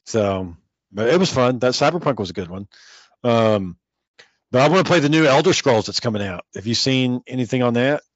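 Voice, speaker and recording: Man, mid pitch, relaxed profane rambler, muffled dry recording. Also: fairly quick, no echo. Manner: laid-back, swears a lot, rambling. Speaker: gamer chatting with a friend. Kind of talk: casual chat.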